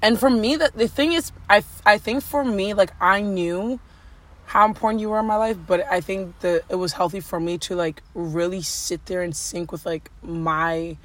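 A woman's voice: medium pitch, normal speed, a bit bright. A woman co-hosting a casual couple's podcast, talking in a loose, rambling way full of "like." She teases her partner playfully and keeps drifting back to her point. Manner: chatty, teasing, rambling with many likes. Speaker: podcast co-host.

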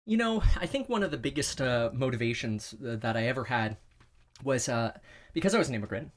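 Overheated male guest, mid-pitched, animated storyteller who acts out quotes. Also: brisk. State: overheated, heart racing. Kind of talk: casual interview chat. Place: inside a sauna.

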